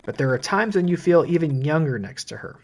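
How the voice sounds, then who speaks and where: A man's voice: on the high side, expressive, a little fast, darkish tone. A man streaming a horror visual novel, reading the text aloud and breaking off into joking asides.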